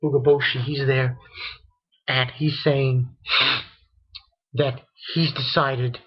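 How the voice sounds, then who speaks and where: An anime reviewer gives a casual, rambling episode recap full of fillers and repetition, sometimes acting out characters' lines. His husky, mid-range voice stays level and slow. The recording is a dull, lo-fi home setup.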